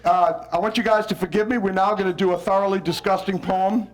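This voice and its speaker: A visiting poet from New Orleans, United States, with a high, steady voice and brisk delivery, performs his poems theatrically for children and adults in a school hall, cueing the live audience to repeat lines in call-and-response. Faint audience voices echo him, and there's a slight hiss or hum.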